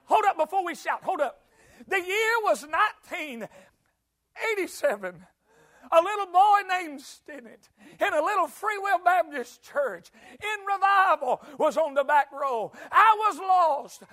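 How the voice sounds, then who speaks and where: A man preaching a sermon in a church, swinging between quiet storytelling and shouted, rhythmic climaxes. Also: very high voice, lively intonation, measured pace. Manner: shouting, sing-song preaching cadence.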